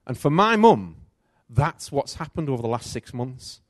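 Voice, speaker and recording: A middle-aged man preaching a sermon, telling a personal story with animated swings between loud and soft. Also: medium pitch, normal speed, dry recording, clean studio sound.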